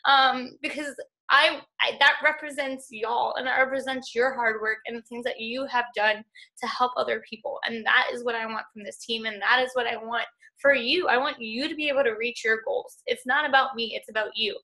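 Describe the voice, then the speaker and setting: A woman's voice: on the high side, fairly even intonation, a little fast, pushed and bright. A young woman leading a coaching team, giving an earnest, encouraging motivational talk on a group call, full of "like" and "y'all". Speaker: fitness coaching team leader.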